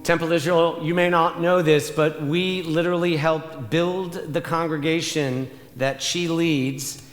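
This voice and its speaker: A man with a fairly high voice leads a synagogue service and eagerly calls people up. His words bounce around a large room with a long echo. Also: fairly even intonation, unhurried, faint music behind. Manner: enthusiastic, rallying the crowd. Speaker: rabbi leading the service. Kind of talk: announcement at a service. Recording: echoey hall, long reverb.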